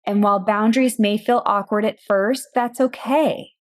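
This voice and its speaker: A woman hosting a coaching podcast, speaking in a calm, direct scripted monologue with rhetorical questions. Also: mid-range voice, moderate pace. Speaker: burnout and boundaries coach, podcast host.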